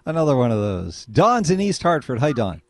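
A man hosting a call-in radio talk show, prodding his callers with quick, pointed questions. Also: mid-range voice, very animated.

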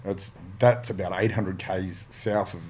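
A very deep-voiced Australian man spinning yarns as a podcast guest. He talks bluntly and swears freely, looping back and restarting his sentences, and a faint hiss of noise sits under him. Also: fairly even intonation, measured pace, darkish tone. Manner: blunt and profane, rambling with restarts. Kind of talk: casual storytelling.

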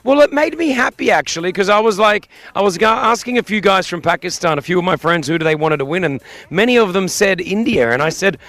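A man's voice: sits high, animated, fairly bright tone, no echo. A man hosting a radio breakfast show, chatty and punning as he runs a quiz with a caller. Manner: chatty, jokey, quick with puns. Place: radio broadcast set up in a museum.

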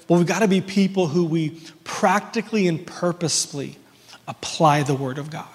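A man's voice: fairly high pitch, in a large hall. A man preaching a sermon as pastor, earnest and repeating words as he restarts his phrases.

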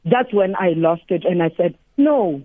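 A woman's voice: fairly low pitch, moderate pace, dry recording. A woman, a sports reporter calling in to a radio interview and talking emphatically and emotionally, repeating herself for stress. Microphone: telephone. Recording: dry tinny phone line.

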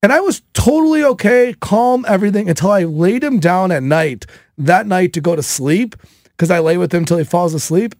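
A man in his thirties hosting a podcast, telling a casual story in an animated way, with many fillers. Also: high voice, moderate pace, no room sound, clean studio sound. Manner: animated, filler-heavy with frequent "like". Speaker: podcast host.

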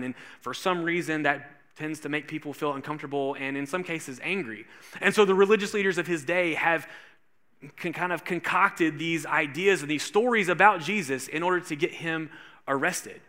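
A man preaching a sermon, telling a funny personal story and acting out the voices in it with lively energy. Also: on the high side. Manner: animated storyteller acting out quotes. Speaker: pastor.

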